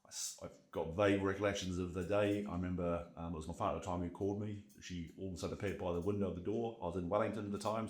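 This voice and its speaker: Low-voiced New Zealand man, quick and candid. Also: a little mellow, echoey room. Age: 40s. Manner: candid, reflective storytelling with many fillers. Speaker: guest, burnout coach. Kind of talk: casual podcast interview.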